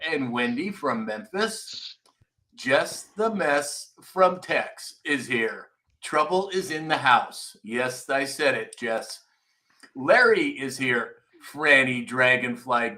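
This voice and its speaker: Guy hosting a morning live stream, teasing viewers, bright punchy voice. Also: mid-range voice. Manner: chatty, teasing, reads out viewer names. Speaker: live show host. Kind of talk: casual live-stream chat.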